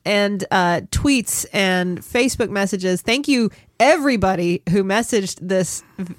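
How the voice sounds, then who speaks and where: A woman's voice: medium pitch, measured pace, no echo, studio quality. A woman with a stuffy, nasal voice from a cold, co-hosting a casual podcast with a wry, slightly exasperated manner. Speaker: podcast co-host. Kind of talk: casual chat.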